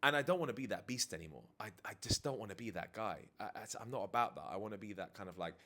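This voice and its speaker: An animated dating and life coach talks at a quick pace in a fairly low, pushed and bright voice, confessing frankly to camera. He's indoors with DJ kit behind him, reflective, and swears casually now and then.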